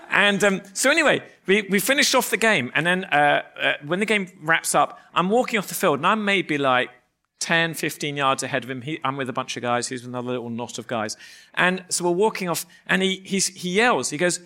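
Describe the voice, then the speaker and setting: A man, a pastor, preaching with lively stories and acting out voices. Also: on the high side, a little fast. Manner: animated, acts out voices in anecdotes. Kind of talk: sermon with storytelling.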